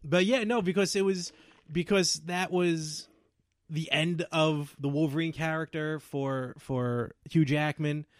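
A man co-hosting a casual podcast chat, asking questions, laughing easily and throwing in quick asides. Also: a little high, fairly even intonation, no room sound, clean studio sound. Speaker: podcast co-host.

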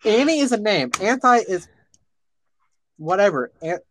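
A man's voice: high-pitched, very animated, a little slow, a bit bright, a little hiss or hum. A young man co-hosting a podcast over a voice call, rambling and stumbling over his words with frequent laughs. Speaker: podcast co-host. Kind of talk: casual chat. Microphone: online voice call.

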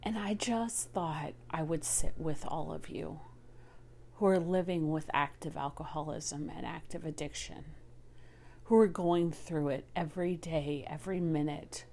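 A woman's voice: sits low, measured pace, gravelly, mellow. A woman sharing a raw, emotional personal monologue about living with a partner's addiction. She talks intimately, sometimes whispering and sometimes rising in anguish, and swears freely. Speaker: partner of a recovering alcoholic.

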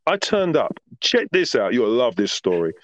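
Speaking at a normal speed in a mid-range voice, a male podcast guest shares stories during a relaxed interview. He's emphatic and lively, frequently tossing in "right?", and there's no echo.

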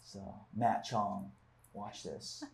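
Man, lowish voice, reads aloud and reflects casually, group discussion leader. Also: little pitch movement, extremely slow, vocal fry, a little mellow. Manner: reads passages aloud, then reflects with fillers. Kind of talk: book club discussion.

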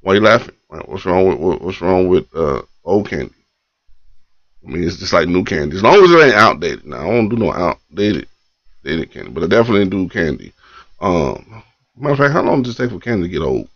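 Speaking a little fast, a low-voiced man with big pitch swings runs a morning poetry live stream, welcoming viewers and going through their comments. His chat is laid-back, slangy, and repetitive. There's no room sound, just dull lo-fi stream audio.

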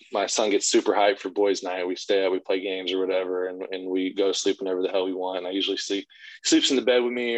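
On a podcast, a man in his thirties with a low-pitched voice tells a long family story in casual chat, swearing freely and voicing the lines he quotes. The recording is dry and the audio poor.

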